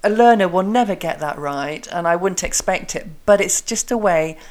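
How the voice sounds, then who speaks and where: Woman, slightly low voice, english teacher, casual chat, slow crisp tongue-twister demonstrations. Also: animated, darkish tone. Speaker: English teacher, podcast host.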